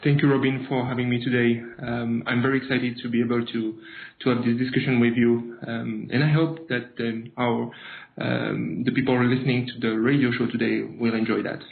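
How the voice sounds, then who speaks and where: A man's voice: medium pitch, flat delivery, fairly quick, vocal fry, roomy sound, narrow, tinny audio. A man in his thirties from France, with a French accent, answering interview questions hesitantly and with many fillers. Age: 30s. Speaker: guest. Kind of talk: radio interview conversation.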